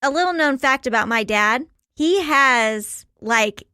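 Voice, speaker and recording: A young adult woman co-hosting a podcast in casual chat, excitable and playful, often exclaiming. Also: high voice, unhurried, clean tone, no echo, clean studio sound. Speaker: podcast co-host.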